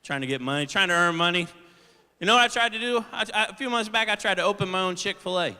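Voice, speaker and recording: A man doing a stand-up set in a big theater, his voice high and bright with a smooth, clear ring. He swears freely and slips into the voices of the people in his stories, and the room's reverb trails after each line. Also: fast. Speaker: stand-up comedian. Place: large theater stage. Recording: live theater with long reverb.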